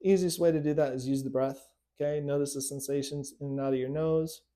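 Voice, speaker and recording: Mellow-voiced man coaching on hypnosis. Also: a little high, fairly even intonation, a little fast. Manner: conversational, repeating tag questions like right and okay. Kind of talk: instructional talk to camera.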